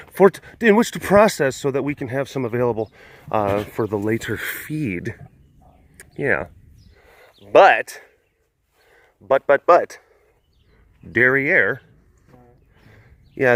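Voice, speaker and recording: A man chatting casually outdoors for his vlog, his pitch rising and falling freely. He rambles in a playful way, full of fillers, and drops into soft cooing when he greets the animals. His voice sits in a middle register. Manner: coos softly at the animals. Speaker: host.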